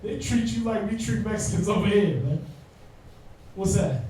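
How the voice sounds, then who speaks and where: A man's voice: high voice, lively intonation, moderate pace, warm tone, slight background noise. A man teaching an informal Bible class in a slangy, joking way, checking in with his listeners often. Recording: echoey room from far off.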